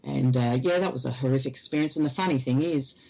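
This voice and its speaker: A woman, an interview guest, recounting a personal experience in halting, hesitant speech. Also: extremely low pitch, creaky, dark tone, rough recording.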